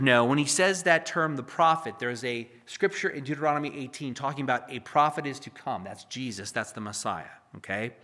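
A man preaching a verse-by-verse sermon. He reads scripture aloud with force, then drops into low, chatty asides to the congregation. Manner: swings from loud scripture reading to low asides; conversational, jokes with the congregation. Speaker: pastor. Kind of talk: expository sermon teaching.

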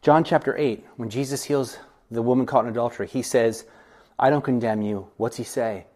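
Leading a Bible study, a man with a medium-pitched voice reads verses and explains them briskly in an animated, lively way. He acts out voices and laughs often.

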